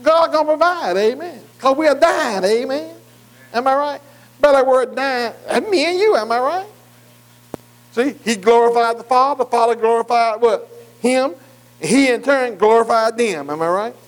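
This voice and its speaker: A man preaching a sermon. He reads scripture slowly and keeps asking the congregation whether he is right. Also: very high-pitched, low-quality recording. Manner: repeatedly asks "am I right?". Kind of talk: sermon with call-and-response.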